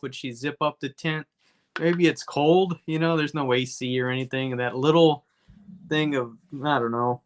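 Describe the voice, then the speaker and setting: A man with a bright, forceful voice recapping a film for a comedy podcast. He rambles, swears freely and keeps breaking off for jokey asides. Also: on the high side. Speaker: podcast co-host. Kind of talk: casual comedy movie review.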